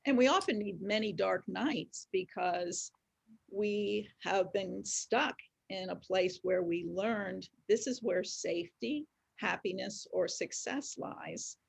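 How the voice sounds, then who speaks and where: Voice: mid-range voice, slow, gravelly, breathy edge. A speaker in a reflective spiritual discussion, earnest and explanatory. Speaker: discussion panelist.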